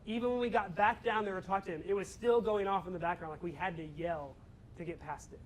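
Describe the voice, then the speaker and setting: A young man telling a lively story to a student audience and turning it into a lesson about faith. He acts out his own lines, raising his voice at the funny parts. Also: high voice, fast talker, slight background noise, low-quality recording. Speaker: campus ministry speaker.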